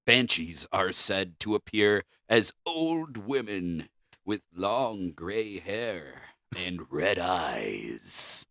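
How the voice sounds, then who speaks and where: A man's voice: low voice, very animated, extremely slow, creaky, pushed and bright, dry recording. A man co-hosting a podcast, reading facts from notes and then joking around casually. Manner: joking, loose, swears casually. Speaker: podcast co-host.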